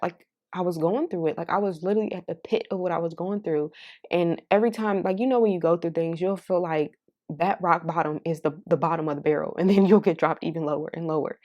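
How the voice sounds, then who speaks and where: A woman's voice: lowish voice, a little mellow. A woman reading tarot cards for her viewers in a casual, candid and heartfelt way, with some swearing. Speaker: tarot card reader.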